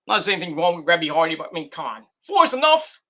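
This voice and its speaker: A man's voice: fairly high pitch, big pitch swings, racing, pushed and bright, muffled recording. A man giving a rambling, profane and exasperated review of a wrestling show. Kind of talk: casual rant review.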